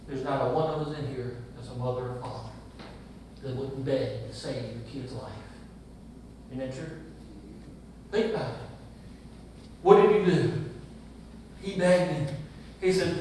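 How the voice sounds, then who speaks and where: A man delivers a sermon with a high-pitched voice, often turning to the congregation with rhetorical questions. He sounds distant from the microphone, and the church around him is heavily echoey with faint background noise. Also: lively intonation, moderate pace, long pauses, a little mellow. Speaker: pastor. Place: church sanctuary.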